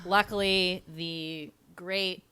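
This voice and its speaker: Wry woman podcast co-host, smooth voice. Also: on the low side, very slow, dry recording. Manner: wry, deadpan asides. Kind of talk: casual chat.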